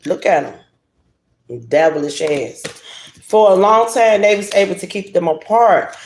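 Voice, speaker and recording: A woman giving a casual tarot reading to her viewers, blunt and animated, cursing and laughing freely. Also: mid-range voice, measured pace. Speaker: tarot reader. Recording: roomy echo, faint hiss.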